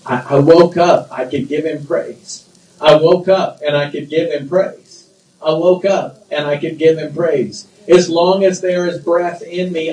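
In a church sanctuary, a pastor preaches emphatically, repeating phrases and drawing responses from the congregation. His voice is fairly high and a little mellow, with slight hiss or hum, and the distant mic catches roomy church echo.

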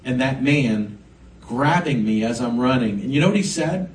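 A pastor delivers his sermon with emphasis, his voice swelling on the important words. He has a mid-range, expressive voice at a moderate pace, recorded from afar in the echoing church sanctuary.

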